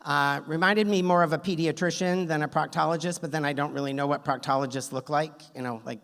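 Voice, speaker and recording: A man's voice: fairly high pitch, steady tone, fast talker, fairly bright tone. Wry male storyteller on a stage. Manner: wry, self-deprecating, comic timing. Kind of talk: live story slam telling. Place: stage in a theater hall. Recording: long hall reverb, on stage.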